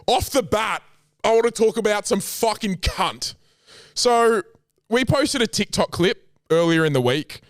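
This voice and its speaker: A man's voice: high voice, no echo, clean studio sound. A young man with an Australian accent hosting a casual solo podcast, talking in a brash, profane, teasing way. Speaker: podcast host.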